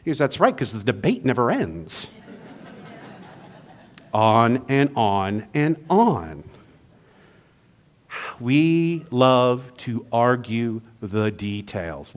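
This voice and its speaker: A man's voice: medium pitch, expressive, takes it slowly. A man giving a humorous sermon, telling jokes in a playful, storytelling manner. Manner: playful, joke-telling, then reflective.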